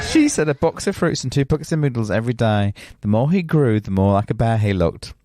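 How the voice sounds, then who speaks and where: A man's voice: mid-range voice, expressive, normal speed, pauses often, warm tone. A young man co-hosting a podcast, reading weird news in casual, sweary banter and laughing often. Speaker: podcast co-host.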